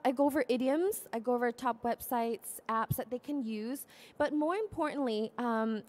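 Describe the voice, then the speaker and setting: Socal lady teacher, kinda high voice, upbeat and chatty, lots of ums. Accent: Southern Californian. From Southern California. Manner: chatty, filler-heavy, upbeat. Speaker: ESL teacher presenting her videos. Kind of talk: conference demo talk.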